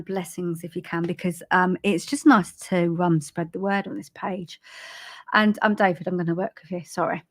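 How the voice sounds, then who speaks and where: A British woman giving live spiritual readings on a stream, speaking gently with many ums and restarts. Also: lowish voice. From Britain. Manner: halting, full of ums and restarts, gentle and soothing. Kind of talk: live-stream psychic reading, casual and chatty.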